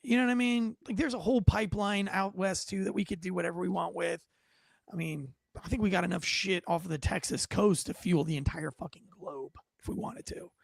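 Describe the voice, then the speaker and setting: A man's voice: high voice, fairly quick, creaky, no echo, clean studio sound. An American man hosting a political commentary show, talking in a brash, profane, sarcastic way and mocking others in put-on voices. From United States.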